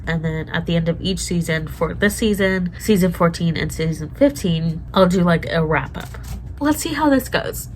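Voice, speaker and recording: A woman's voice: on the low side, a little hiss or hum, poor audio. A woman vlogger reacting to a TV show in casual chat, emotional and swearing often as she talks to herself.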